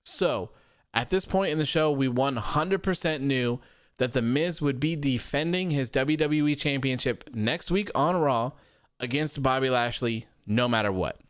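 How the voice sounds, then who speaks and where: Man, live-stream host, blunt opinions, reads viewer comments, clear voice, dry close sound. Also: mid-range voice, measured pace, no room sound. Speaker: host of a wrestling show. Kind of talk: live-stream casual chat. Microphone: studio microphone.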